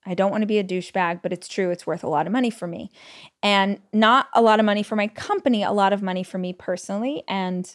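A woman hosting a solo podcast, telling personal stories in a chatty, animated way full of "like" fillers and quoted thoughts. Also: medium pitch, fast. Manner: retells stories with quoted inner speech. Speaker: podcast host. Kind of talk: casual solo podcast storytelling.

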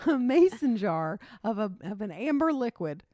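A woman's voice: medium pitch, sing-song, normal speed, warm tone, no room sound, clean studio sound. Giggly, chatty podcast host woman. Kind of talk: casual chat. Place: living room.

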